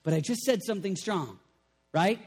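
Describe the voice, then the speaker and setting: A man preaching a lively sermon, animated and playful, bursting into shouts. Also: high voice, moderate pace, slightly rough. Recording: long reverb of a large hall.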